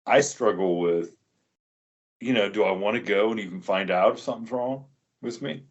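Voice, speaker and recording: A man's voice: fairly low pitch, normal speed, highs cut off. Easygoing man hosting a podcast. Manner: easygoing, chatty, laughs along. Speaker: podcast host. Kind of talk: casual podcast chat.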